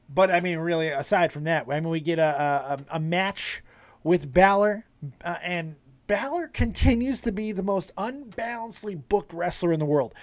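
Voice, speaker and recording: A man hosting a casual wrestling review show, talking in an animated, profane way with laughing asides and frequent swearing. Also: high-pitched, dry recording.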